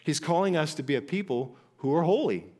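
A man's voice: on the high side, expressive, fairly quick, darkish tone. A man preaching a sermon from scripture, earnest and emphatic, often repeating phrases. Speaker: pastor.

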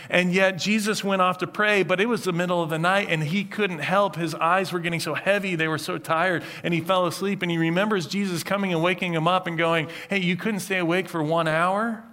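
A man preaching a sermon, retelling a scene in an animated storytelling manner. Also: high-pitched, fairly quick, hardly any pauses. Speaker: pastor.

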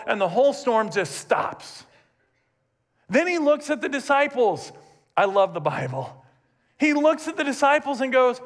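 A man preaching a sermon, retelling scripture with animated storytelling and rhetorical questions to his congregation. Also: extremely high pitch, measured pace. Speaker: pastor.

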